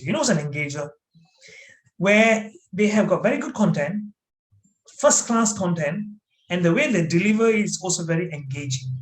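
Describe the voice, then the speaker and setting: A man with a Malaysian English accent giving an online training talk, animated and emphatic, asking his audience questions as he goes. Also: sits high. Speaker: corporate trainer. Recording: roomy echo.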